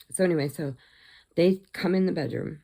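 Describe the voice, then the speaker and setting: A middle-aged woman vlogger with a lowish, fry-tinged voice casually retells a movie plot at a measured pace. She's an animated storyteller, acting out the lines and now and then dropping to a whisper.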